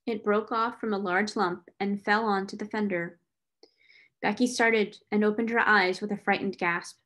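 A woman reading a classic novel aloud in a clear, expressive storytelling manner. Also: medium pitch, moderate pace. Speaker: reader.

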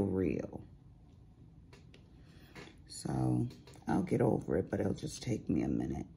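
A woman's voice: very deep voice, big pitch swings, slow pace, vocal fry, pauses often, dark tone, slight background noise. A middle-aged woman chatting casually while crafting at home, telling sassy stories with big swings in her voice. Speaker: crafting vlogger.

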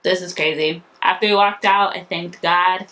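A woman vlogging with breathless excitement, repeating herself as she talks. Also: on the low side, moderate pace, rough recording. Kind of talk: casual vlog.

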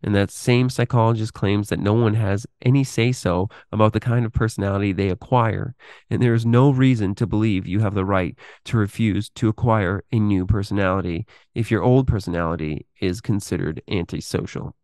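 Deep-voiced man, dry close sound. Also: steady tone, darkish tone, dry recording. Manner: deliberate reading, halting with fillers when speaking freely. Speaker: podcast host. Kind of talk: reading a text aloud with commentary.

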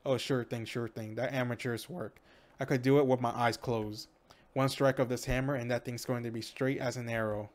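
A man's voice: mid-range voice, fairly even intonation, normal speed, natural voice. A man voicing a big, boastful, clumsy blacksmith, reading the game lines aloud. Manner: cocky, then sheepish.

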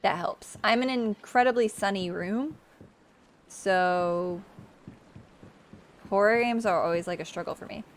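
At a measured pace with long pauses, a woman in a mid-range voice chats through a casual livestream of her own game, set in a sunny room. She's self-mocking and talks to things on screen, with slight background noise present.

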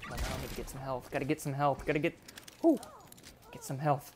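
A man giving casual, excitable gameplay commentary, laughing and easily distracted as he plays. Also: medium pitch, a little fast, a little hiss or hum. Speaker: gaming YouTuber.

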